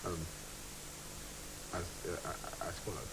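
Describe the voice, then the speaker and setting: A young man chatting playfully through a video diary, showing places and dropping to hushed asides. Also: medium pitch, animated, fast talker, slight background noise, rough recording. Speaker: reality show contestant.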